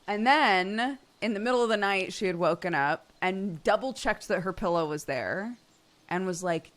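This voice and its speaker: A woman's voice: fairly low pitch, sing-song, moderate pace, fairly bright tone. A woman in her thirties, a streamer, casually telling chat an exasperated story with bursts of laughter. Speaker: streamer host.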